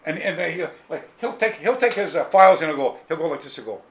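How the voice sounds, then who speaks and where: With a slightly high voice and a fast delivery, a man being interviewed as a karate author tells a long, rambling anecdote with lots of animation and impressions of people. The echoey room in his home has faint ambience and a little background noise.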